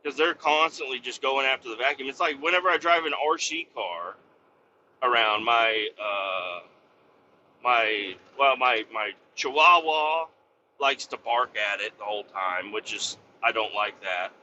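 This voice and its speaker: A man's voice: mid-range voice, a little slow, pushed and bright, dull audio, slight background noise. A man hosting a podcast, talking in a casual, rambling, profane monologue full of fillers. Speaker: podcast host.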